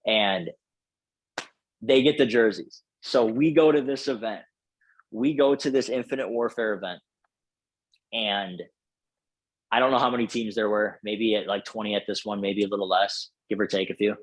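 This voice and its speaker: A man's voice: on the low side, normal speed, pauses often, dry recording, rough recording. A man telling a casual, profane story full of filler words as a podcast guest.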